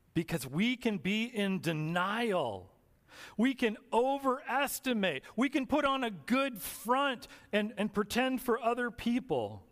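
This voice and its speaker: A male pastor preaching a sermon, telling stories earnestly and slowing down to stress key words. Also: fairly high pitch. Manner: earnest storytelling, slows for emphasis. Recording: long reverb of a hall.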